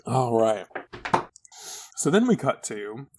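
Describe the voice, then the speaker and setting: A man hosting a podcast recaps a comic in a loose, animated way. His voice sits at an ordinary middle pitch and often jumps high when he plays the characters. He swears casually and talks into a desk mic. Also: slow, noisy background. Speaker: podcast host.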